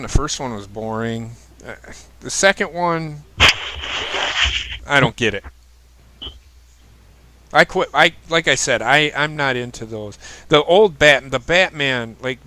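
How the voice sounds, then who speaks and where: A man's voice: medium pitch, pushed and bright, rough recording. A man hosting a casual chat show, giving blunt opinions and swearing freely. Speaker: podcast host.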